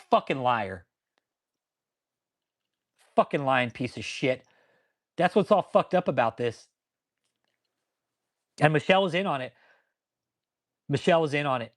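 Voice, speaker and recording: A man hosting his own channel, ranting angrily and swearing nonstop, pausing to answer viewers in the live chat. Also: fairly high pitch, animated. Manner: angry, swears constantly. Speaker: channel host. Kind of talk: profane ranting commentary with live chat replies.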